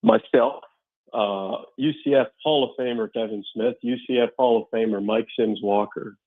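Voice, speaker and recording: A man co-hosting a sports radio show, telling an animated story with a lot of laughter. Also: medium pitch, moderate pace. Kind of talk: casual radio chat, telling stories. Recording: phone-like narrow sound.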